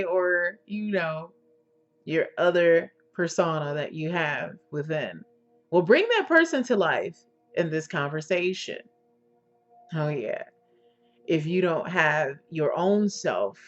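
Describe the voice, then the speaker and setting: Slow, sultry woman coaching. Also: lowish voice. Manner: slow, sultry, drawn-out delivery, often checking "okay?"; endearments to the listener. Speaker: intimacy coach. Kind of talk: instructional talk to women. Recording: dull lo-fi recording with faint music.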